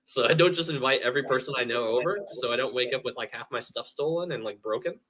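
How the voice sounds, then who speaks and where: A man co-hosting a casual streamed podcast, joking and animated, often slipping into quoted voices. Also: mid-range voice, quick pace, a little hiss or hum. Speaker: podcast co-host.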